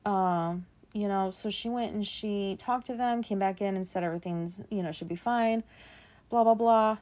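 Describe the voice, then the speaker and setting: A woman in her thirties hosting a podcast, telling a personal story in a halting, anxious way, with many fillers and pauses. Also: medium pitch, darkish tone. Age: 30s. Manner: anxious, self-deprecating. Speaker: podcast host. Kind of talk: rambling personal monologue.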